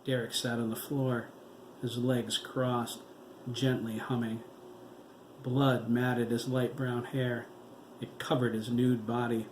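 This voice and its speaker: Slow dramatic man reading horror. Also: medium pitch, level tone. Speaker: author reading his own novel. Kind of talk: audiobook narration. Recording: echoey room with faint background noise.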